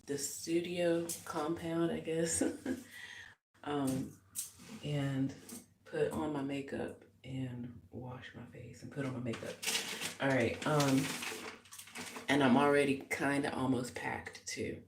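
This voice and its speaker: A woman's voice: very deep voice, steady tone, slow pace, pauses often, noisy background. Rambling woman in an echoey bathroom. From United States. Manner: rambling and reflective, many fillers. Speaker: musician and vlogger. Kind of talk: casual live get-ready-with-me vlog. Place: small hotel bathroom indoors.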